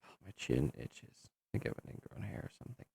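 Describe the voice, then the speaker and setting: A man's voice: fast, darkish tone, no echo. A man hosting his channel, chatting casually to himself as he tries out voice effects and mutters his reactions. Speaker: channel host. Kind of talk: casual chat while trying out voice effects.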